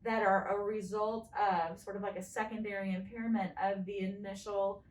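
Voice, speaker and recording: A woman's voice: mid-range voice, level tone. Chatty woman host in an echoey room. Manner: upbeat, chatty, quick to jump in. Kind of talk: casual panel talk. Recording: echoey room, distant mic, faint noise.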